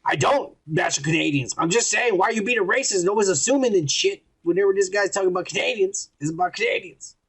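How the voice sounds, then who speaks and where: A man co-hosting a podcast, talking in crude, teasing banter and often breaking into shouts. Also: high voice, quick pace, few pauses, slightly rough, rough recording. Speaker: podcast co-host. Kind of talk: profane drunk banter.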